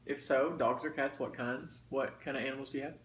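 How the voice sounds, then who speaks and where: A man's voice: mid-range voice, fairly even intonation, a little fast, fairly bright tone. A man chatting casually to viewers while eating, folksy and talkative. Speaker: mukbang vlogger. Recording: roomy echo, faint background noise.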